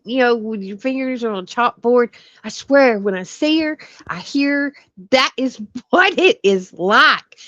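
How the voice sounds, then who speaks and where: A blunt, fired-up woman with a Southern twang, swearing freely as she co-hosts a political chat show. Her voice sits a little high and comes across dry and somewhat dull, without much room sound. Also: a bit bright, no echo. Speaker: co-host.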